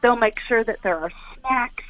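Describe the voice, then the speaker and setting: A woman calling in as a guest, explaining things in a deliberate, unhurried way. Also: a little high, fairly bright tone. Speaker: guest on a call-in show. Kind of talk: explaining on a phone-in. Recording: dry tinny phone line.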